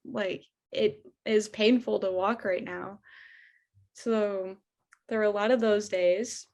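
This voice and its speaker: A young woman with a Michigan accent, talking casually in an interview. She fills her speech with "like" and "um" and keeps a middle pitch throughout. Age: young adult. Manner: chatty, heavy use of "like" and "um". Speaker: interviewee, former door-to-door sales trainer.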